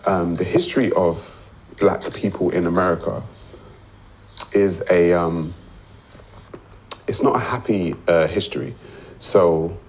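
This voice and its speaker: A British man being interviewed, speaking in a hesitant, halting way with frequent fillers. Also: deep voice, a little mellow, rough recording.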